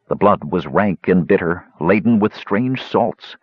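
A man narrating a fantasy audiobook in a measured, expressive reading style. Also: low voice, breathy edge, no room sound. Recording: dry, dull lo-fi recording.

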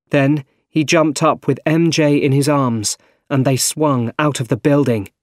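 Slow, careful male storybook narrator. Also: mid-range voice, a little mellow, no room sound, studio quality. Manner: slow, careful, plain reading. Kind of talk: scripted narration of a graded reader.

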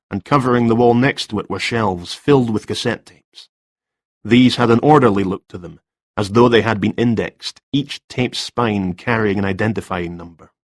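Low-voiced man narrating a story. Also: no echo, studio quality.

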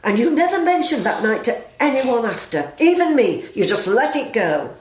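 A woman's voice: on the high side, very animated, moderate pace, darkish tone. A woman acting a blunt, wounded working-class friend, speaking emotionally in slangy everyday talk. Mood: aggrieved. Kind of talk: audio drama acting. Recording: roomy echo.

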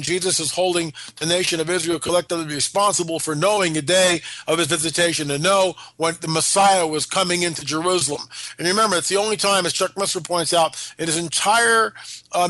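A man's voice: high-pitched, pushed and bright. A man hosting a talk radio show, rambling with fillers and restarts, his voice stuffed up from allergies. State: congested from allergies. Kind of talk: casual talk radio monologue.

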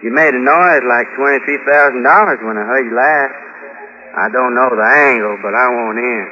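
An actor playing a drunk, wheedling small-time crook in a 1940s radio drama, with a slurred drawl. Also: male voice, medium pitch, moderate pace, natural voice. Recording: dull old radio recording with background noise.

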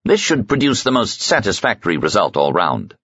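A male narrator voicing an experienced male doctor who speaks in a measured, professional way, with a husky voice. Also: fairly low pitch, very animated, fairly bright tone, no echo, pitched above the performer's own voice, full character voice. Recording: slightly muffled sound.

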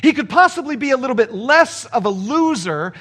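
A man preaching a sermon as pastor, conversational and animated, asking the congregation rhetorical questions. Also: very high voice, a little fast.

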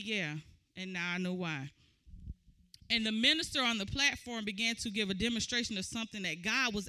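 A woman preaching a sermon, moving from conversational teaching to loud, shouted exhortation. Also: mid-range voice, clean tone.

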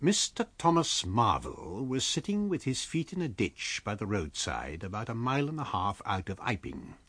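A man reading a novel aloud as an audiobook narrator with expressive storytelling. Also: on the low side, normal speed, no room sound. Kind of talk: scripted narration.

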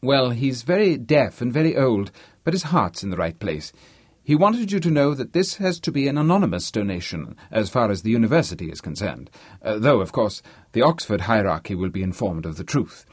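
Man playing scheming professor, calm, persuasive, lively, slightly husky. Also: mid-range voice, a little fast, no echo, studio quality.

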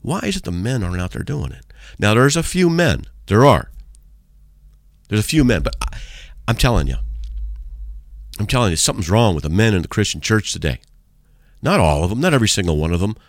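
A male street evangelist preaching on talk radio, fervent and emphatic, hammering his points again and again. His voice sits low but swings animatedly up and down. The sound is dry and close to the mic. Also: very animated, a little fast, long pauses, no echo.

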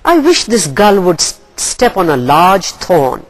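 A woman's voice: big pitch swings, a little slow. Woman doing a sly scheming raven. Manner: higher, sly, mock-innocent voice. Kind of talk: storybook read-aloud.

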